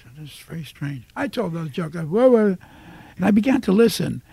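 An older man from Brooklyn with a New York accent, a guest telling animated stories in a casual interview. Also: sits high, fast talker, creaky, breathy edge. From Brooklyn, United States. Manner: animated storyteller acting out voices.

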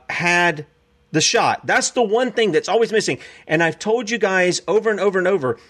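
A man's voice: fairly high pitch, a bit bright. A man hosting a talk show in a folksy manner, reading headlines and chatting with guests. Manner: folksy, chuckles often. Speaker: host.

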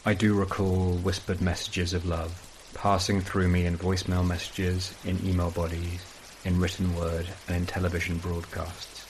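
A man reading a first-person horror story as scripted narration, in a measured, brooding way. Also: low-pitched, completely flat delivery, a little hiss or hum, rough recording.

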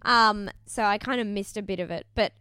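A woman with a clean, mid-range tone talks at a moderate pace while co-hosting a podcast. Recapping a TV show in a chatty, laughing way, she acts out the people she quotes with animated voices, captured in a dry, studio-quality recording.

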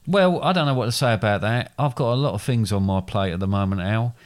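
A middle-aged man chats on a casual podcast, teasing and wandering off into playful tangents. His voice swings up and down a lot as he talks, and his pitch sits around the middle for a man. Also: lively intonation, brisk. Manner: playful, jokey, rambling asides. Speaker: podcast co-host, the father. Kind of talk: casual chat.

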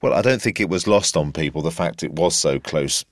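Brief: male reporter, very low voice, dry close recording, deliberate. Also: no echo. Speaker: reporter and interviewer. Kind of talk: interviewing and eyewitness account.

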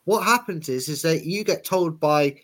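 Chatty male co-host, slightly high voice, sarcastic banter. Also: moderate pace, a bit bright. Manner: chatty, sarcastic, laughs while telling stories. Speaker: podcast co-host. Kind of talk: casual football chat.

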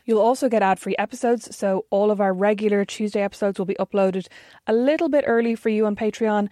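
Woman, podcast co-host, casual chat, dry close mic, mid-pitched. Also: fast, mellow, no room sound. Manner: chatty, self-deprecating, laughs often.

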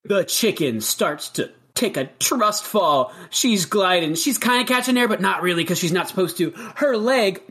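A man's voice: high voice, animated, moderate pace, hardly any pauses, bright, forceful tone, husky. A man co-hosting a podcast who narrates and jokes in a playful, goofy way. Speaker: podcast co-host. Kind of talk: casual comedic podcast chat.

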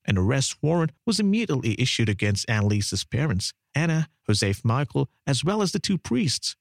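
A man giving a dramatic documentary narration in an expressive, swooping delivery. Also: mid-range voice, a little fast, gravelly, dry recording, studio quality.

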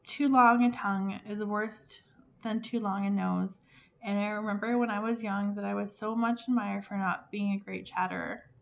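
A woman voicing a vain, chatty old fairy princess who talks on and on, with a raised, lively, breathless manner. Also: mid-range voice, moderate pace, gravelly, close to an everyday voice.

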